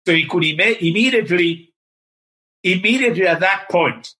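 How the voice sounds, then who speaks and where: Older man, storyteller, animated, fairly high voice. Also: normal speed, poor audio. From Tanzania. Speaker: guest. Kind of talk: storytelling in an interview.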